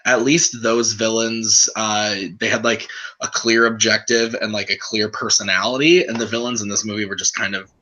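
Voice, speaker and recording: Bright-voiced man hosting a movie review. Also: on the low side, moderate pace, poor audio. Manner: relaxed, filler-heavy, lots of "like" and "um". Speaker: host of a movie review channel. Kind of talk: casual movie review chat.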